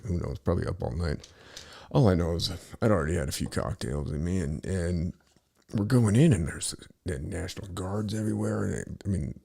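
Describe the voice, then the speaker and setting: Deep gravelly man telling a rambling story. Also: dark tone. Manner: rambling, profane, with many restarts. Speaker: podcast host. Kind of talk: casual storytelling monologue.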